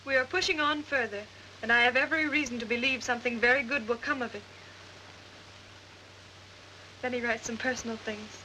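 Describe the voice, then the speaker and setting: A woman's voice: fairly high pitch, fairly even intonation, fast, pushed and bright, slight background noise, poor audio. An actress playing a refined, anxious young mother in a 1930s film, speaking in a genteel, distressed way. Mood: reading.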